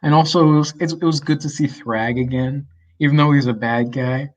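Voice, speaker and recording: A man's voice: mid-range voice, steady tone, muffled recording. A man co-hosting a podcast in casual chat, mostly giving short reactions and brief opinions. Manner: short reactions and quick comments. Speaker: podcast co-host.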